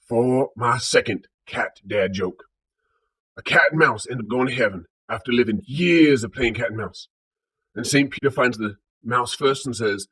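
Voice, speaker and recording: A man with a Southern accent spins casual jokes and funny stories at a normal speed, his medium-pitched voice fairly bright with a breathy edge. Playfully, he acts out sounds like purring.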